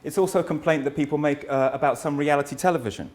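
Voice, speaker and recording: A middle-aged man giving an academic lecture as a historian, earnest and thoughtful, posing rhetorical questions and often pausing to restart his sentences. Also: a little high, a little mellow. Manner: frequent hesitations and restarts.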